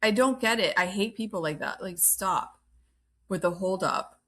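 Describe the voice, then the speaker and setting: A woman's voice: medium pitch, normal speed, fairly bright tone. A woman hosting a podcast, giving a casual and blunt recap of reality TV, often saying "like.". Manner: blunt, opinionated, peppered with "like". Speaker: podcast host.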